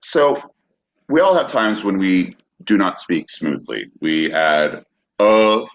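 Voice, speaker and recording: A man's voice: low-pitched, very animated, slow pace, lo-fi sound. A man co-hosting a podcast, reading a prepared text steadily and now and then stumbling on a word. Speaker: podcast co-host.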